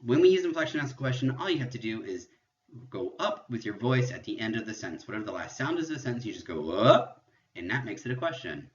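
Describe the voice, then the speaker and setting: A man's voice: mid-range voice, big pitch swings, fast talker, dull audio. A man teaching a virtual French lesson, explaining step by step and moving between English and French. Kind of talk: virtual classroom lecture.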